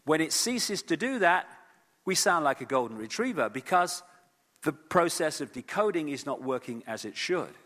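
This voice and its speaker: A man giving an animated lecture to a live audience at an event, with frequent fillers and repeated words. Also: on the high side, normal speed, in a large hall. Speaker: speaker at an event. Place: event hall.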